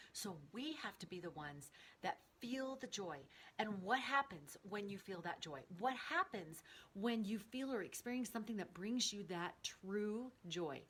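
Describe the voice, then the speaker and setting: A middle-aged woman host telling personal stories in a casual, earnest and animated way. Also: medium pitch, breathy edge. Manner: earnest, animated storytelling with rising excitement.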